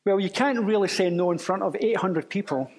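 A preacher with a high, fairly quick voice delivers his testimony as a sermon, telling the story and acting out other people's voices. The long reverb of a church hall surrounds the recording.

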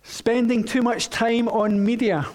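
A man's voice: very high voice, flat delivery, measured pace, a little mellow. A man pastor delivering a sermon in a conversational way, hesitating with fillers and putting questions to the congregation.

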